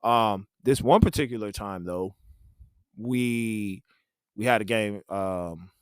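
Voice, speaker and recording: A man's voice: fairly low pitch, slow pace, clear, resonant tone, no echo, studio quality. A man in his twenties hosting a podcast, telling a college story in a casual, conversational way. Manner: conversational, laid-back, many "like" fillers, laughs while telling. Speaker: podcast host.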